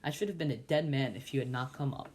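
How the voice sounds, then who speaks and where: A man's voice: mid-range voice, fast talker, a little mellow, lightly acted. A man voicing a bruised, frightened convict who gasps out his accusations. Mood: fearful. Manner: breathless, fearful. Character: terrified bruised male convict, gasping.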